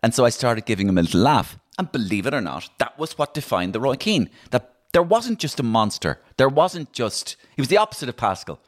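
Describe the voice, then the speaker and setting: A middle-aged Irish man, a comedian and impressionist, telling stories in a casual interview, animated and full of restarts. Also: medium pitch, fairly quick, few pauses. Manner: animated, storytelling, many restarts.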